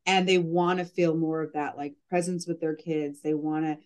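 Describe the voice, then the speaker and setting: A woman's voice: sits low, flat delivery, moderate pace. A woman who coaches mothers, talking earnestly in a casual podcast interview and using "like" often.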